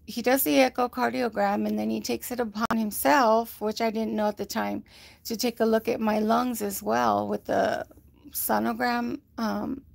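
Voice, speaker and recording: Speaking into a phone mic with no echo, a woman with a highish voice and vocal fry gives livestream viewers a rambling, casual health update. She quotes others often, uses lots of fillers, and sounds a little short of breath.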